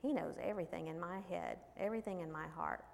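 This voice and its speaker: A woman with a lowish, vocal-fried voice speaks quickly in a devotional sermon for a women's Bible study, mixing folksy stories with scripture readings. The recording carries a long hall reverb.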